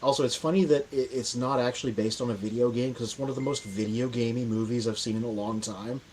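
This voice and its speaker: A man's voice: mid-range voice, fairly even intonation, quick pace, darkish tone, slight background noise, low-quality recording. A young man co-hosting a casual podcast chat, stammering through his openings and laughing at his own remarks. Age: young adult. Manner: stammering, self-amused. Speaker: podcast co-host.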